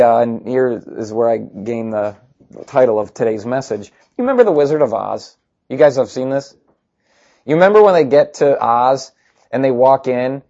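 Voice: medium pitch, darkish tone, dull audio. A pastor preaching a conversational sermon with sarcastic asides.

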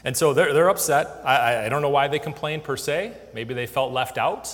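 A man's voice: medium pitch, brisk, fairly bright tone. Man teaching scripture in a reverberant hall. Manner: conversational, many fillers and restarts. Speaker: Bible teacher. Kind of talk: casual Bible teaching.

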